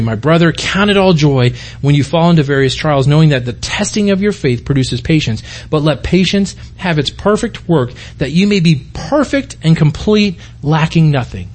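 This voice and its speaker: A man's voice: on the high side, lively intonation, moderate pace. A middle-aged man, a pastor, preaching a sermon in an earnest, conversational way, often restarting his sentences.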